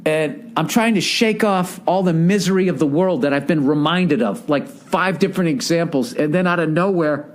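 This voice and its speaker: A man in his forties with a Boston accent, hosting a podcast and telling a profane, animated comedic rant. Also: on the high side, moderate pace, hardly any pauses. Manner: profane, ranting, animated storytelling. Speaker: podcast host. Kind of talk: casual comedic monologue.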